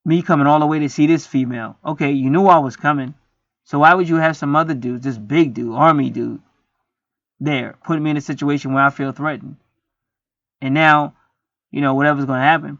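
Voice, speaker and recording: A man's voice: fairly high pitch, fairly even intonation, brisk, a bit bright, dry recording. A man talking in a rambling, profane, preachy casual monologue as host of a spiritual video. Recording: dry, dull lo-fi sound.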